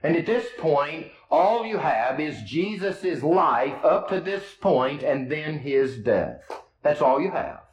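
Animated preacher in an echoey room. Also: male voice, mid-range voice, muffled recording. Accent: Midwestern American. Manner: storytelling, paraphrasing scripture in his own casual words. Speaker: pastor. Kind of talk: sermon.

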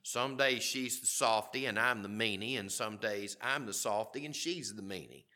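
A man's voice: lowish voice, moderate pace, bright, forceful tone. A middle-aged man preaching a sermon, reading scripture aloud and commenting on it in a conversational way. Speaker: pastor.

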